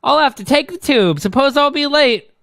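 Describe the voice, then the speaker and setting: A man putting on the voice of a chirpy young English heroine in a hurry, straining for a high falsetto English accent. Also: lively intonation, takes it slowly, a bit bright, no room sound, studio quality, heavily acted.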